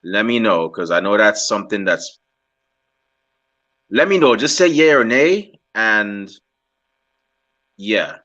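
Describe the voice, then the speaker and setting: A man co-hosting who cuts in briefly, hurried and apologetic. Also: fairly low pitch, sing-song, a bit bright. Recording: dull, lo-fi sound.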